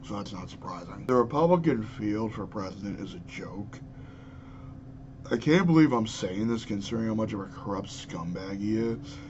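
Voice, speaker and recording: A man's voice: lowish voice, lively intonation, normal speed, a little mellow, lo-fi sound, slight background noise. A man in his twenties ranting angrily and profanely about politics into his webcam. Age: 20s. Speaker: vlogger. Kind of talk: political rant.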